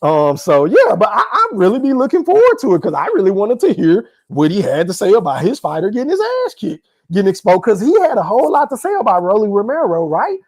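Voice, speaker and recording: Animated man hosting a live boxing podcast. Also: high-pitched, fairly quick, few pauses. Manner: animated, laughs often, talks straight to the chat. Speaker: podcast host. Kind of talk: casual live-stream commentary.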